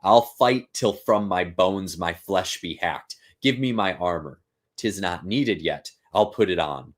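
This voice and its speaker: A man reading the part of a desperate, embattled king aloud, slow and deliberate, with rising urgency. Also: low voice, expressive. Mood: urgent. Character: desperate tyrant king, male, middle-aged.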